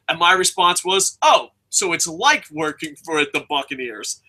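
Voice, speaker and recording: A man's voice: a little high, animated, unhurried, pushed and bright. A man co-hosting a wrestling news show, ranting bluntly and profanely in casual chat.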